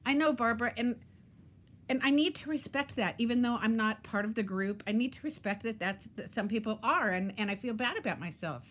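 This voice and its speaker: A woman in her fifties hosts a live chat as a vlogger, chatting casually, laughing often, and greeting viewers by name. Her fairly high voice is expressive, fairly quick, and fairly bright, with slight background noise.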